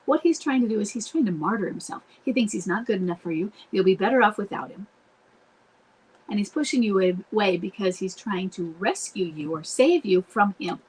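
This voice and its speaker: A marriage coach answers viewer questions in a live online Q&A streamed from home, speaking earnestly and directly to spouses and breaking off to act out what they should say. Her mid-range voice is animated, fairly quick, a little mellow and husky. The audio quality is poor.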